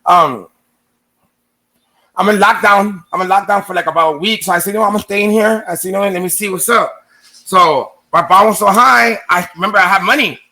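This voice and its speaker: A man's voice: sits high, brisk, sharp tone. A man casually telling a long personal story to his viewers, rambling and swearing, acting out what others said to him. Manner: rambling, profane, acts out quoted exchanges.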